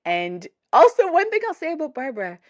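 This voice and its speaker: High-pitched and brisk, a woman co-hosts a podcast in a casual chat, lively in her storytelling and quick to laugh. The recording is studio quality with no echo.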